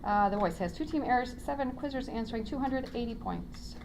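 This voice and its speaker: A woman's voice: on the high side, expressive, vocal fry, noisy background. A woman keeping score at a quiz match, announcing team totals and chatting in an upbeat way. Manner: upbeat, quick to laugh. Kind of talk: announcing scores and casual chat. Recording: loud crowd all around.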